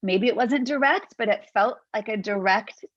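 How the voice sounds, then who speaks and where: A woman in her forties hosts a podcast, her voice even and mid-pitched. She tells stories in an open, earnest and reflective way. The sound is a little dull and very dry, like a plain home office mic. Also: normal speed, no room sound. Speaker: podcast host. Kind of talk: conversational interview.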